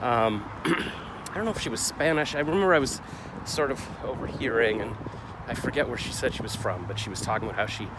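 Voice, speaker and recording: A man's voice: mid-range voice, a little fast. A middle-aged man vlogging casually, rambling and questioning himself, and getting heated as he retells a clash. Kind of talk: casual confessional vlog. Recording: street noise behind.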